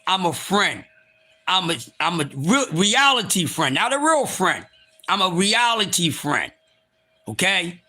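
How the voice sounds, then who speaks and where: A man hosting a live stream, speaking bluntly with plenty of profanity and swinging from calm talk to shouting. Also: sits high, unhurried. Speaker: livestream host.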